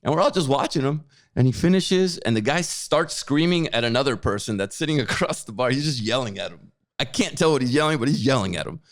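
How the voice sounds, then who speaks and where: A man of medium pitch talks briskly as a podcast co-host. Telling a story in easygoing chat, he animatedly voices what others said and keeps repeating his words.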